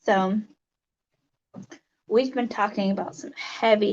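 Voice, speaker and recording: A woman livestream host chatting casually to her viewers, emotional and teary, halting with many fillers. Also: medium pitch, lively intonation, creaky, lo-fi sound. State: teary, sniffling. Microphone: webcam mic.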